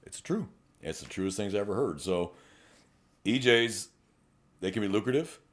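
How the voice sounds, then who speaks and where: A man's voice: lowish voice, lively intonation, moderate pace. A man, co-hosting a podcast and telling cop stories in a profane, laughing manner. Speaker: podcast co-host, law enforcement officer. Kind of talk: casual storytelling chat.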